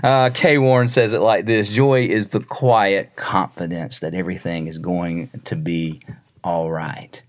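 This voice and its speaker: A man's voice: deep voice, fairly even intonation, measured pace. Earnest male preacher giving a sermon. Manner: earnest, repeats words when starting phrases; storytelling with quoted voices.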